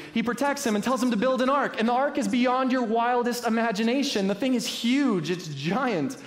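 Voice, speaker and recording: A young adult man preaching a sermon as a pastor, telling a story in a lively, self-deprecating way with many fillers. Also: high-pitched. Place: church sanctuary. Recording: roomy church echo.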